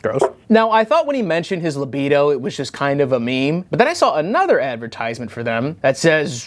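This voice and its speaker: Animated profane man reviewing products. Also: fairly high pitch, brisk, hardly any pauses. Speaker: YouTube vlogger. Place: home recording setup with green screen.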